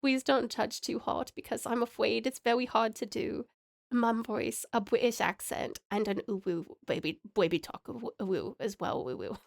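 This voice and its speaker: Giggly high-voiced Australian woman streamer. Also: moderate pace, gravelly. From Tasmania, Australia. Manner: giggly, excitable, slips into silly baby talk. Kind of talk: live game stream commentary.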